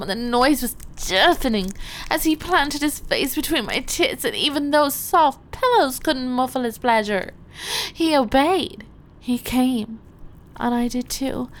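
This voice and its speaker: A woman's voice: on the high side, slight background noise. Woman, erotic role-play narration, teasing, seductive, commanding. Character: seductive woman detained by an officer. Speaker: erotic audio performer.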